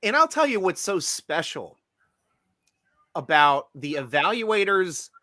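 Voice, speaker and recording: Man, interview host, high-pitched, bright tone, enthusiastic. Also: big pitch swings. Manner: enthusiastic, quick affirmations. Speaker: show host. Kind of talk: interview hosting.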